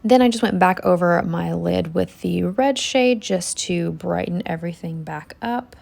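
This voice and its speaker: Low creaky woman narrating makeup. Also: measured pace, soft background music. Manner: relaxed step-by-step narration. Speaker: beauty vlogger. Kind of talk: makeup tutorial voiceover.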